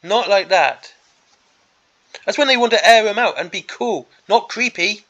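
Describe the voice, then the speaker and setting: A man with a gravelly, crackly edge to his voice that sits a little high for a man. He has a bright, sharp tone. He rants through a preview in an exasperated, sarcastic way. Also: a little slow, highs cut off. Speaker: miniatures hobby channel host. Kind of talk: ranting preview commentary.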